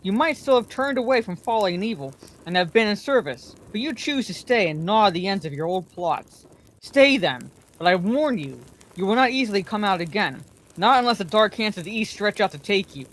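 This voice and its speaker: A woman's voice: medium pitch, expressive, brisk, natural voice. A woman reading aloud, voicing an old male wizard who speaks sternly and with authority. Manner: stern and commanding.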